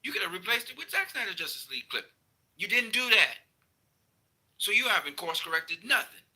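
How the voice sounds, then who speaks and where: A man's voice: high voice, sing-song, fast, bright, forceful tone, rough recording. A man ranting in a casual video commentary, heated and emphatic, repeating his points. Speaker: vlogger.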